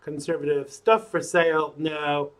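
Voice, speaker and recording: A man's voice: a little high, little pitch movement, measured pace, a bit bright, clean tone. A man hosting his own live stream, rambling chattily and talking to himself while he gets ready to go live. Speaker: live-stream show host. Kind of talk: casual pre-show chat to himself.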